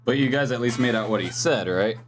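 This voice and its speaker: A man running a tabletop role-playing game as game master, calm and measured as he explains rules and narrates. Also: medium pitch, a little hiss or hum.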